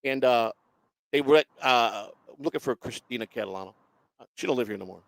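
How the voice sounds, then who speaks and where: This guest, a man with a medium-pitched, creaky and somewhat bright voice, talks a little fast with no echo around him. Recounting his own story bluntly, he curses nonstop and performs other people's lines.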